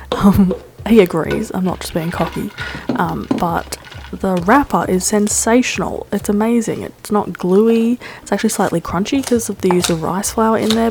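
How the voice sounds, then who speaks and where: Over a noisy background, a woman with a medium-pitched voice hosts a vlog. She starts by narrating a film essay, then talks enthusiastically through a recipe, laughing and using fillers along the way.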